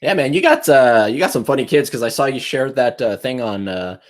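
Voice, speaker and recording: A man chats as a podcast co-host at an ordinary middle pitch. His talk is loose and unhurried, dotted with "like" and "uh" as he searches for words. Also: very animated. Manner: loose, filler-heavy speech with "like" and "uh". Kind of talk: casual podcast chat.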